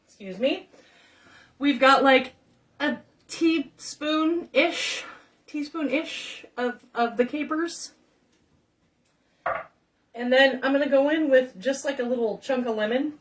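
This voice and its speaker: A woman's voice: high voice, slow, pauses often, fairly bright tone, distant mic. A middle-aged woman chatting and rambling through stories while cooking in her home kitchen, talking straight to her viewers. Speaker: home cook vlogger. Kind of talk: chatty cooking vlog storytelling.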